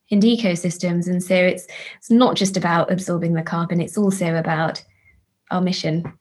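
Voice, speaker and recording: A woman's voice: lowish voice, a little mellow. Earnest woman reflecting in interview. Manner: earnest, halting restarts, enthusiastic. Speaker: charity chief executive, guest.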